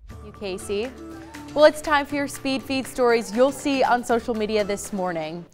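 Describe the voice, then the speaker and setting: A woman's voice: fairly high pitch, moderate pace, faint music behind. A woman anchoring a morning news show, chatty and upbeat between stories. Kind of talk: morning news, casual chat.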